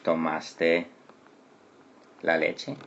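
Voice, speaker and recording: A man's voice: low voice, monotone, very slow, creaky, fairly bright tone, lo-fi sound, a little hiss or hum. A man teaching a Spanish grammar lesson who explains patiently and keeps asking "okay?" to check understanding.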